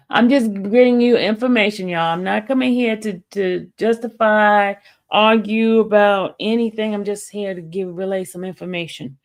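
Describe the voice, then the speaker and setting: A woman hosting a casual livestream, talking haltingly with many fillers and restarts. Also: on the low side, vocal fry. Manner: gushing and excited when greeting a viewer. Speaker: YouTube livestream host.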